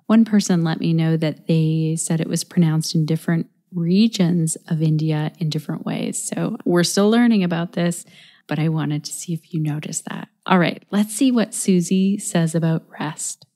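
A woman's voice: low voice, moderate pace, dark tone. A woman podcast host casually stepping in to talk directly to her listeners between interview segments.

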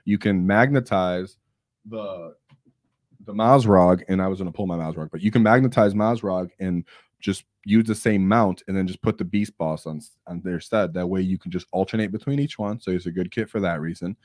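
A young man hosting a casual gaming live stream, energetic and opinionated, hyping things up and acting out quotes. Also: sits low, normal speed, no echo, clean studio sound. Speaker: stream host.

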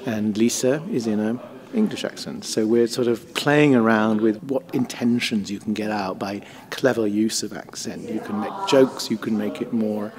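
Low-voiced man describing rehearsals. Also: normal speed, few pauses, a little mellow. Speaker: theatre director. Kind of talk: casual interview about rehearsals. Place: rehearsal room with people talking nearby.

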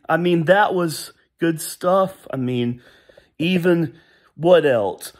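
A man in his thirties with an animated, mid-range voice takes it slowly through a rambling, nostalgic opinion monologue for his vlog. Along the way he hums and sings snippets of old songs.

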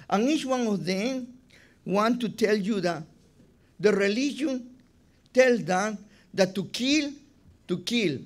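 A man for whom is a delivers a rabbi's sermon. He speaks at a slow, unhurried pace, and his voice sits high for a man. He stresses points emphatically, often repeating words as he builds his argument. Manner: emphatic, repeats words, non-native phrasing.

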